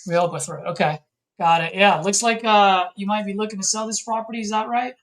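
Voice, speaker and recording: A man's voice: high voice, fairly even intonation, fairly quick, fairly bright tone. A man on a live call session, talking to a seller in an easygoing, friendly way. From California. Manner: easygoing, friendly, casual phone patter. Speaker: host, real estate investor calling sellers.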